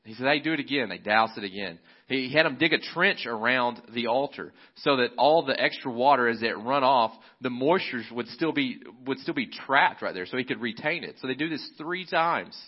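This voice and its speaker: A man's voice: medium pitch, expressive, moderate pace, hardly any pauses. A male pastor preaching a sermon in a casual, conversational storytelling manner. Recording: slightly muffled recording.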